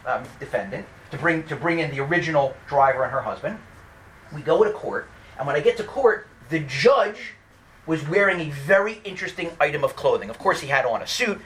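A lawyer giving an animated storytelling talk, often restarting his sentences. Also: fairly high pitch, slight background noise. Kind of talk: storytelling lecture.

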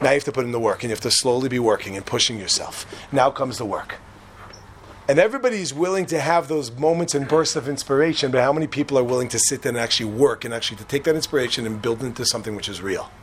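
A man teaching a religious class to students, lively and quick, acting out quoted speakers and firing questions at his listeners. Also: mid-range voice, a little hiss or hum. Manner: animated, quick, acts out quotes and quizzes listeners.

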